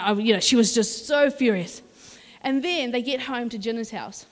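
A fairly high-voiced woman who preaches in a lively, conversational storytelling manner. Her voice carries a long reverb from a large hall. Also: fairly quick. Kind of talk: sermon with storytelling.

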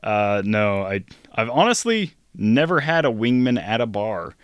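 A man co-hosting a casual podcast, answering questions with dry, deadpan humor. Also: on the low side, unhurried, clean tone, no echo. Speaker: podcast co-host. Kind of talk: casual chat.

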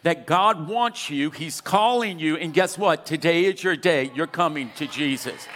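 A man's voice: fairly high pitch, unhurried, fairly bright tone, slight background noise. Emphatic preacher in his sixties. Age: 60s. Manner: emphatic, urging the congregation to respond. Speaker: pastor. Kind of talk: sermon. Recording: long hall reverb.

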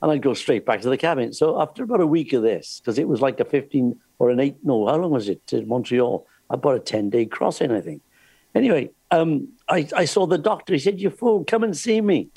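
Husky older storyteller. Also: male voice, medium pitch, brisk, no room sound. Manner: lively storyteller, laughs often, restarts. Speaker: cruise ship entertainer telling stories. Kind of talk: anecdotal chat.

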